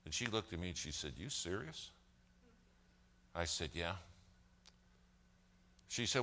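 A deep-voiced man preaching through a story, his tone bright and forceful. He slips into the voices of the people he quotes as he goes. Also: moderate pace, pauses often. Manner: animated storyteller, acts out quoted dialogue. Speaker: speaker telling a church story. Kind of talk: sermon storytelling.

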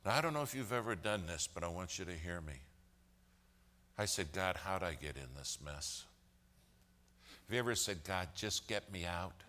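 Low, bright-voiced man telling a church story. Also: normal speed, pauses often. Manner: animated storyteller, acts out quoted dialogue. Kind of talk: sermon storytelling.

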